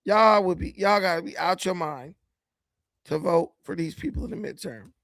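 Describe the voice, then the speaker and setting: A man's voice: high-pitched, normal speed, vocal fry, a bit bright, dry recording. A man hosting casual political commentary, mocking and laughing, with slangy speech and repeated words. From United States.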